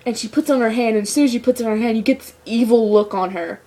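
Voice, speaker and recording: A woman giving a casual episode review, rambling and excitable, with lots of "like" fillers. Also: fairly high pitch, racing. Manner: rambling, excitable fan talk with many "like" fillers. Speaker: show reviewer.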